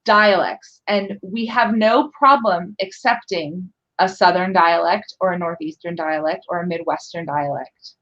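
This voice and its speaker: A woman from California hosts a casual discussion in a fairly low, slightly bright voice, unhurried and with few pauses. She comes across as thoughtful and chatty and laughs easily. The sound is dull and lo-fi.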